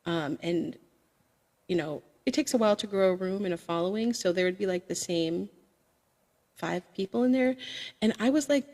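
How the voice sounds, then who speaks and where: A woman's voice: on the low side, moderate pace, a little mellow. Chatty woman with long reverb. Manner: frank, chatty, sassy asides. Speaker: karaoke live streamer, guest. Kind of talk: casual podcast chat.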